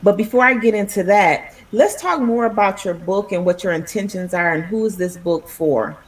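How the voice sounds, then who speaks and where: A woman's voice: medium pitch, normal speed, husky. A woman hosting a talk show, affirming and encouraging her guest in faith-based talk.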